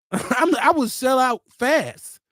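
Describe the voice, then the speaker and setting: Host, man; casual stream chat, high-pitched and very lively, dry close mic. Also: drawn-out words, no room sound. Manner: loose, animated, laughs often, acts out quotes. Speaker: host of a live talk stream. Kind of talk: casual chat, reading viewer comments aloud.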